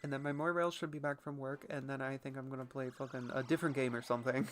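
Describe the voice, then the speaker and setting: A woman with a deep, rumbling voice talks fast and fairly evenly as she streams a game. Her let's-play commentary is casual and rambling, self-deprecating, with the occasional swear.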